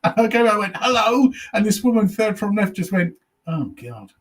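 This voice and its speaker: A man's voice: sits high, steady tone, fast talker. A man, a comedian, telling anecdotes in casual chat, swearing freely and acting out what other people said. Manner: chatty storyteller, swears, acts out audience voices. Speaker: comedian guest.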